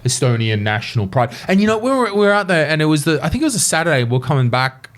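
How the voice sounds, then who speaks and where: Animated man telling stories on a podcast. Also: on the high side, fast talker. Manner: animated storytelling, swearing freely. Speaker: podcast host. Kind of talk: casual podcast chat. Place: studio.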